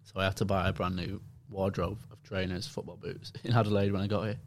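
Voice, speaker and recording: Relaxed young Englishman, low voice. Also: fast talker, no room sound. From England. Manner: relaxed, repeats words while thinking, laughs easily. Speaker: guest footballer. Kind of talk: casual podcast interview.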